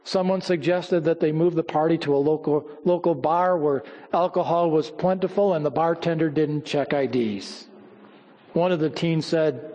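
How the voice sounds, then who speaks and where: A man preaching a sermon, telling stories and quoting scripture, often dropping low and quiet for emphasis. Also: fairly even intonation, normal speed, in a large hall. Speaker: pastor.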